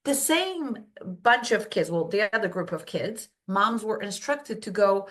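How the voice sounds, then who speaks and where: A woman from Poland, a brain health coach, telling stories as a podcast guest and acting out quoted voices. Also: measured pace. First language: Polish. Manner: animated storytelling, acts out quotes in high voices. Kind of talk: casual podcast interview.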